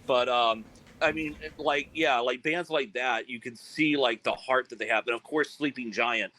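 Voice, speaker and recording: A man from South Carolina, a guest telling animated stories in a casual interview and acting out quoted voices. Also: medium pitch, moderate pace, a little hiss or hum, low-quality recording. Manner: animated, acts out quoted voices, many fillers. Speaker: guest, band frontman.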